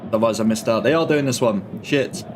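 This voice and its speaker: Faint music plays behind this young man as he streams a football watch-along from home, trading slang and reading viewers' comments. He speaks briskly at a medium pitch over a noisy background.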